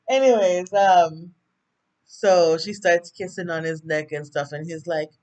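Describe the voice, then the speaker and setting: A woman's voice: fairly low pitch, takes it slowly, a little mellow. A woman with a Jamaican accent, casually recapping a TV episode, chatty and prone to tangents, acting out the characters' lines. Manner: chatty, rambling, goes off on tangents; acts out characters' lines while retelling. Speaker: TV recap vlogger.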